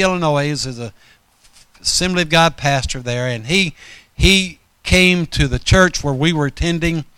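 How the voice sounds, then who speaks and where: A man's voice: a little high, fairly bright tone, smooth, no room sound. A man preaching a storytelling sermon in a folksy, rambling way, often correcting himself mid-sentence.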